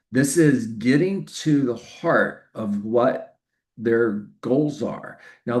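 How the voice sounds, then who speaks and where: A man coaching real estate agents in a live online training session, energetic and interactive, repeating key phrases for emphasis. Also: medium pitch.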